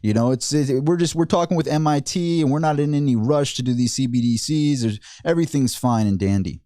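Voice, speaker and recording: Smug, self-satisfied banker as a man mocks him, mellow voice, dry close sound. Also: mid-range voice, fairly quick, dry recording, natural voice. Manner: mocking, self-satisfied parody. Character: smug complacent male central bank chairman.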